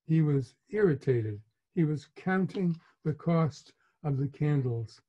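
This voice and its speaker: A man in his eighties, an author reading his memoir aloud in a measured, reflective way. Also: on the high side, lively intonation, slightly rough. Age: 80s. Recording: muffled lo-fi recording.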